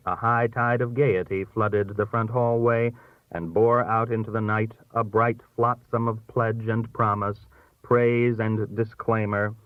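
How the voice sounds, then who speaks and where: A man narrating a literary short story aloud in a lively, expressive way. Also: on the low side, no room sound. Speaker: audiobook reader. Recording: thin phone-like dry sound.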